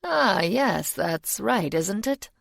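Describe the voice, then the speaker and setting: A woman's voice: medium pitch, expressive, slow, creaky, a bit bright, no room sound, full character voice. A woman reading an audiobook voices a polite, world-weary male demon who speaks in a genial, dry tone. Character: genial ancient male demon, urbane, chain-smoking.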